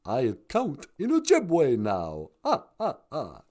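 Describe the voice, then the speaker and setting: A woman's voice: extremely low pitch, wildly swooping pitch, warm tone, pitched below the performer's own voice, exaggerated voice. The Count, as a woman puts him on. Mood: theatrical. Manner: dramatic drawn-out "ah, ah, ah" laughs. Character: theatrical male vampire who loves counting.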